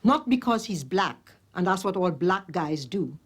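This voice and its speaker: A woman's voice: lowish voice, expressive, a little slow, slightly rough. An actress playing a guarded woman neighbour who answers a detective's questions with short, curt replies. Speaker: neighbour of the victim. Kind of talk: TV police drama acting.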